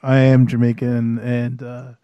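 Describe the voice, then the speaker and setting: A man's voice: medium pitch, monotone, measured pace, muffled recording, very noisy. A man co-hosting a podcast, chatting in an easygoing, laid-back way. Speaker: podcast co-host. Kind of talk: casual chat.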